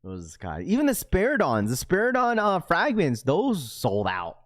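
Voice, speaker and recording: A man's voice: fairly high pitch, huge pitch swings, moderate pace, fairly bright tone. A young man hosting a livestream, chatting casually and rambling as he reads and answers viewers' comments. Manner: rambling, talks to chat, reads comments aloud. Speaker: livestream host.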